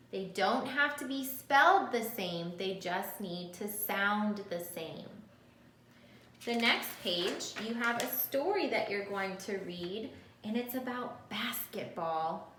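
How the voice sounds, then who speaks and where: A woman teacher leads a phonics lesson for young children, talking slowly and sounding out each letter with patience. Her voice is bright and clear. The recording carries the echo of the room she teaches in, with a faint hum of ambience behind her. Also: medium pitch. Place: classroom or room with a board.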